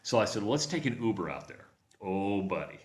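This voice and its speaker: A man's voice: lowish voice, sing-song, normal speed, reverberant. A man co-hosting a radio show, telling a travel story in casual chat and acting out the voices of people he quotes. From Nebraska.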